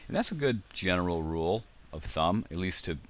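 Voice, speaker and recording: A man's voice: low voice, animated, brisk. A man giving a casual grammar lecture over slides, explaining with examples and frequent ums. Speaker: teacher.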